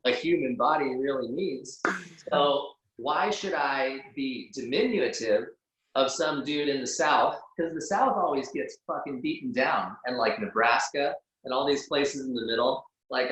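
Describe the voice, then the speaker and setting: A man's voice: medium pitch, moderate pace, fairly bright tone. Blunt, cursing man in an echoey room. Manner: blunt and profane, peppered with "like". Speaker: podcast guest. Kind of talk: casual conversational interview.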